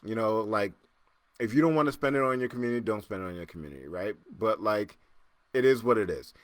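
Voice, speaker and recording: A man hosting a casual solo podcast, joking and laughing as he reacts to listener comments, jumping between loud excited bursts and low muttering. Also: quick pace, no room sound. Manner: animated, joking, laughs often, repeats himself. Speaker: podcast host.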